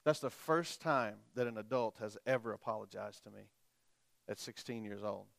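A middle-aged man preaching a sermon and telling a personal story, swinging between quiet, soft telling and loud, emphatic preaching. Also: fairly low pitch, moderate pace, gravelly, no echo, clean studio sound.

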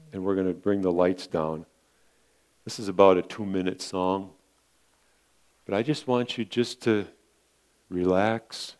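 Slow, earnest male preacher. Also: sits low, a little mellow. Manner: earnest, repetitive, addresses audience as friends. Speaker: pastor. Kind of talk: sermon.

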